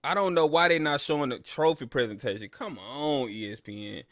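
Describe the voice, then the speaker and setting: Hosting a live sports listen-along stream, a man with a mid-range, slightly bright voice talks fairly quickly in a dry, studio-quality recording. He speaks straight to his viewers, boasting and trash-talking rivals, then ranting about the broadcaster.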